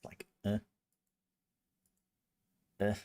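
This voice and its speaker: A man's voice: extremely slow, dark tone. A man streaming, chatting casually with viewers in a rambling, self-mocking way. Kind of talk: casual live-stream chat.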